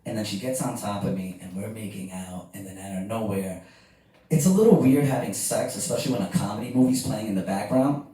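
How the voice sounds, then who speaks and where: Guy doing raunchy standup, playing both sides of the story, sounds far off in a boomy club room. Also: fairly quick, dark tone. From New York. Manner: crude storytelling, acting out both sides of dialogue. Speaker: stand-up comedian. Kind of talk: stand-up set. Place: comedy club stage before a live crowd. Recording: echoey room, distant mic.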